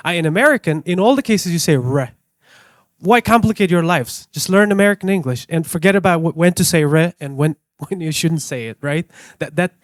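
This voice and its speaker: A man explains his teaching choices on a panel. His slightly high voice stumbles and repeats words, recorded close and dry. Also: no room sound. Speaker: English teacher. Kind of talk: panel discussion.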